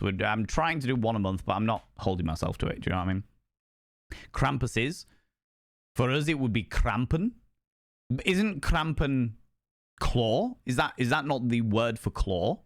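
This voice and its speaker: With a medium-pitched voice and clean studio sound free of room noise, a young man hosts a casual live-stream chat. He's playful and theatrical with his viewers, alternating between musing and flamboyant greetings.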